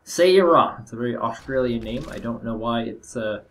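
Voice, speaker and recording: Commenting on a strategy game he's playing, this young man speaks fairly quickly in a mid-range voice with little pitch movement. His let's-play talk is casual, rambling and full of hesitations and fillers, with slight hiss or hum in the background.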